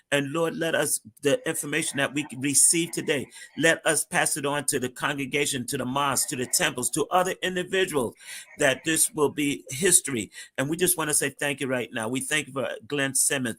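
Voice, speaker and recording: A man's mid-pitched voice leads a fervent closing prayer, bright and forceful in tone. He repeats his thanks in a steady rhythm of praise. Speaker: pastor.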